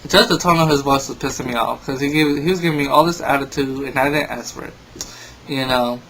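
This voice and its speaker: A man's voice: medium pitch, brisk, fairly bright tone, a little hiss or hum, low-quality recording. Ranting young man telling a story. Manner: exasperated, rambling rant. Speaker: vlogger. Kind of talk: casual storytelling vlog.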